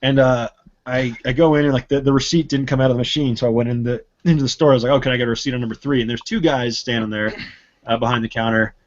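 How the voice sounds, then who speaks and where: A man telling stories in casual podcast chat, swearing a lot and getting loud and indignant. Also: medium pitch, fairly even intonation, fast talker. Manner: ranting storyteller, swears often, gets loud and indignant. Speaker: podcast co-host. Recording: dull lo-fi sound.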